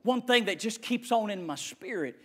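A man preaching a sermon as pastor, swinging from shouted declarations to hushed asides. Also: high-pitched, expressive, normal speed.

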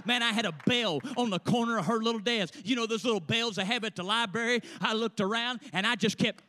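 A man's voice: high-pitched, fairly quick, pushed and bright. A man preaching a storytelling sermon in a rhythmic, sing-song way, often calling out "son".

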